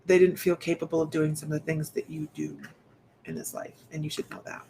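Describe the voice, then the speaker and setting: A woman giving a live-streamed psychic reading, speaking softly and haltingly with many restarts, straight to her viewers. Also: low-pitched, level tone, gravelly, slight background noise. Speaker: psychic medium.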